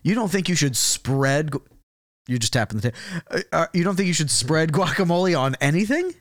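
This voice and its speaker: Playful, lively-voiced man co-hosting. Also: a little high, dry recording, studio quality. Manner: playful, quick-witted, teasing. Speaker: podcast co-host. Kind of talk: casual comedic banter.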